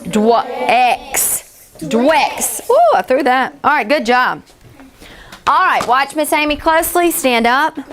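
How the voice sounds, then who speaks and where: A woman teacher leading a classroom phonics lesson, encouraging and stretching sounds out slowly. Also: high-pitched, sing-song, fairly bright tone, a little hiss or hum.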